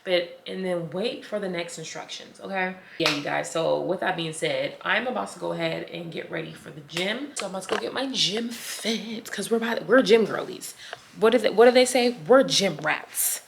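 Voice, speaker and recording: Chatty young woman, low voice, echoey room. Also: moderate pace, gravelly. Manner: chatty, girlfriend-to-girlfriend talk, calls viewers girl and sis. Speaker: vlogger. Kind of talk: casual chat to camera. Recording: echoey room, faint noise.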